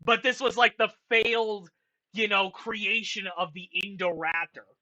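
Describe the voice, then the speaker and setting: Excitable high-voiced young man ranting. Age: young adult. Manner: excitable, swears a lot, rambling with fillers. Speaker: channel host. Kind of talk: casual commentary ranking a franchise.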